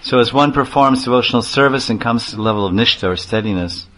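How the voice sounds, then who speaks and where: A man's voice: medium pitch, fast, a bit bright. A man, a spiritual teacher, giving a chatty sermon full of stories and laughter. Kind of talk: sermon with storytelling.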